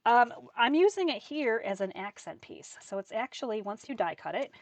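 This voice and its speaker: A woman's voice: fairly high pitch, sing-song, normal speed. A woman teaching a live card-making class, chatty and enthusiastic as she talks through each step. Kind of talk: live craft class demonstration.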